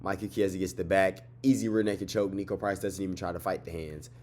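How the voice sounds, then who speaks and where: Tired young guy with a lowish voice, excitable, profane fight recap vlogger. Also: a little fast. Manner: excitable, swearing, repeats phrases, trash-talks. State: tired, yawning late at night. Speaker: MMA fight recap host. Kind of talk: casual fight breakdown vlog.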